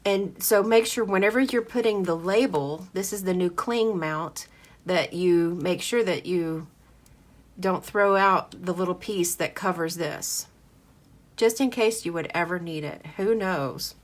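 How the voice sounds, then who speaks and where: Chatty woman with a slightly low voice. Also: unhurried. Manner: chatty, answers viewer comments; laughs often, friendly. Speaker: card-making demonstrator. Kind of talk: casual live craft demo.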